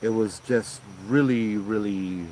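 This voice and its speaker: A man recounts a ghost story in a loose, conversational way. He is animated and keeps checking in with "you know" and "right?" as he talks. Faint crickets chirp in the background. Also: lowish voice, slow pace, a little hiss or hum, poor audio. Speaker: paranormal storyteller host. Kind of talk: casual spoken ghost story.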